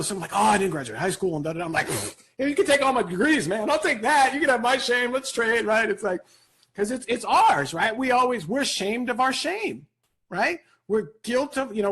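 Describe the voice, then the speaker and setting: Husky guy on a podcast, pumped up motivational talk, keeps saying right?, voice jumps all over. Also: high voice. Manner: animated, rapid, peppered with "right?". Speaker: guest speaker.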